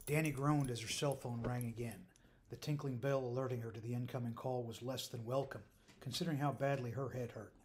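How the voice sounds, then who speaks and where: Calm male audiobook narrator. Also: mid-range voice, fairly quick, slight background noise. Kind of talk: scripted narration.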